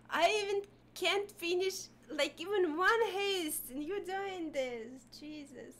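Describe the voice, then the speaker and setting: Very slow, high-voiced woman streamer. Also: a little hiss or hum. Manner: overwhelmed, giggly, stammering thanks. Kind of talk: live stream chat with viewers. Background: music.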